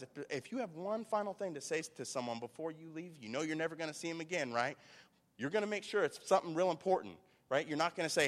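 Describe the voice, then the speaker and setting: A man's voice: a little high, animated, quick pace. A man in his thirties preaching a sermon, telling personal stories in a conversational way with rhetorical questions. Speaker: pastor. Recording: long hall reverb.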